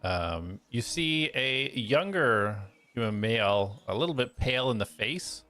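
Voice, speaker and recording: A man's voice: mid-range voice, expressive, unhurried, pushed and bright, faint music behind. A man narrating a tabletop game as game master in a loose, filler-filled way.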